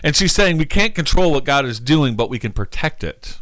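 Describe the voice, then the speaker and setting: A man's voice: on the high side, sing-song, normal speed, fairly bright tone, dry recording. A man, a pastor co-hosting a church talk show, chatting casually and enthusiastically and laughing easily. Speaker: pastor and co-host.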